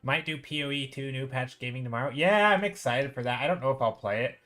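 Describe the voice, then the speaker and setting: A man's voice: medium pitch, fast, a bit bright, soft background music. A man live-streaming while painting digitally, chatting casually and thinking aloud as he greets viewers in chat.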